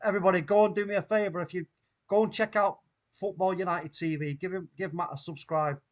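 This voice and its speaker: A man with a Mancunian accent hosting a live football watchalong, reacting loudly and excitedly to the play. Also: high-pitched, fast, highs cut off. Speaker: watchalong host.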